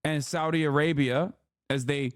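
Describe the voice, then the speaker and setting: A man streaming, reacting to clips with sarcastic, profane, rapid-fire commentary. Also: on the high side, steady tone, smooth, no echo, studio quality. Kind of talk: casual commentary.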